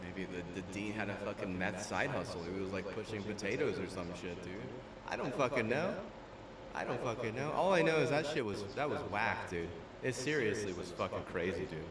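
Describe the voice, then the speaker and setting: While streaming a game, a young man rants casually and profanely, full of fillers and restarts. His voice is on the low side, animated and a little fast. A roomy, distant mic picks up faint room noise.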